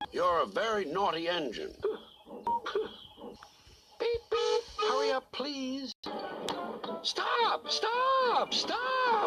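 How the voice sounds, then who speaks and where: Fussy cheeky toy engines, voiced by a man, high squeaky voices dropping to gruff growls, slow unhurried delivery, gravelly edges. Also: exaggerated voice, rough recording. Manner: quick switches between squeaky and gruff voices. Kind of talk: children's storybook narration with voices. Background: music.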